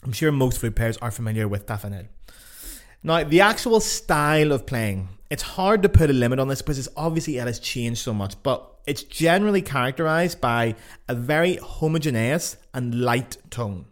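A Northern Irish man talking straight into a podcast mic in a loose, unscripted monologue. He is blunt and swears freely. He pokes fun at himself with a dry edge, at a medium pitch. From Northern Ireland. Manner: blunt, sweary and self-mocking. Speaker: podcast host.

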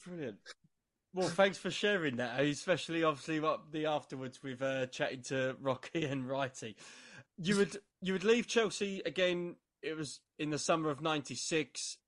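Podcast host, man, higher voice, asks questions in stops and restarts. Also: fairly bright tone. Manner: halting, restarts his questions. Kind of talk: interview questions.

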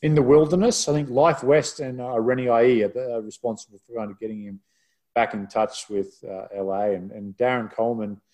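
A man's voice: medium pitch, fairly even intonation, moderate pace, mellow. Chatty male rugby broadcaster telling stories. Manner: chatty, self-deprecating storyteller. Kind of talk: casual podcast storytelling.

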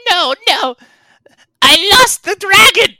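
A man voicing a weepy, frightened little male kobold who begs in broken, squeaky speech in a tabletop game. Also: lively intonation, slow pace, sharp tone, dry recording, heavily acted. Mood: terrified pleading.

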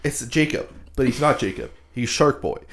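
A man's voice: medium pitch, moderate pace, a bit bright. A man co-hosting a podcast, tossing in joking, sarcastic one-liners and laughing often. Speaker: podcast co-host. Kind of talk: casual podcast banter.

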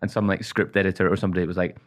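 A young man with a fairly low voice trades dry, deadpan jokes in a relaxed podcast chat. He tells his stories plainly and lets the humor land without pushing it. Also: very fast. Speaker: podcast co-host. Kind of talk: casual banter.

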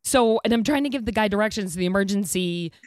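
A woman telling a wild story in casual chat, animated and laughing as she goes. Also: mid-range voice, quick pace, no room sound, clean studio sound.

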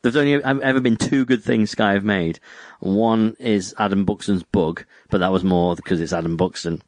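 A man's voice: on the low side, steady tone, moderate pace, darkish tone, no echo. A man co-hosting a podcast, dropping wry, dry remarks in casual chat. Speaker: podcast co-host. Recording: dry close mic.

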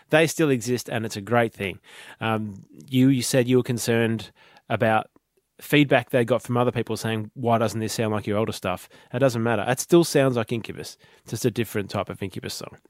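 A man's voice: mid-range voice, fairly even intonation, brisk, no echo, studio quality. A man co-hosting a podcast, chatting about songs in a laid-back, joking way. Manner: laid-back, laughs often, blunt asides. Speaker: podcast co-host. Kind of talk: casual music chat.

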